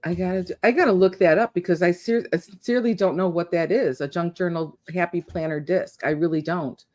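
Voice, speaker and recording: Woman w a lowish voice on a video call, curious, keeps asking questions. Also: fairly quick, a little mellow. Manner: curious, asks lots of questions. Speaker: craft livestream co-host. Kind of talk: casual chat.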